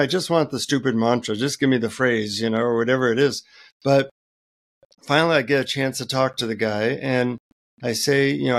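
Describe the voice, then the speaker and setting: A middle-aged man, a guest author, telling relaxed anecdotes in an interview with many fillers. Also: mid-range voice, creaky. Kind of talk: interview storytelling.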